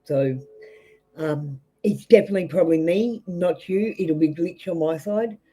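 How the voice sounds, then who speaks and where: A woman's voice: lowish voice, normal speed, dark tone, husky, faint music behind, rough recording. An Australian woman giving a live tarot reading to viewers, blunt and rambling, with many fillers and restarts. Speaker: tarot reader.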